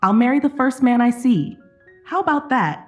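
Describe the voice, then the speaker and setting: A woman's voice: on the high side, very animated, a little slow, soft background music, pitched above the performer's own voice. A woman voicing a heartbroken young woman who has been drinking, her speech slurred, raw and unsteady. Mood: drunk defiance.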